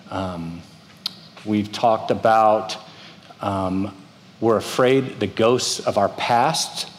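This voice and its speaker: A middle-aged pastor preaches a sermon in a lowish voice, telling stories and acting out the voices of the people in them. He's recorded in a reverberant church hall, with slight background noise.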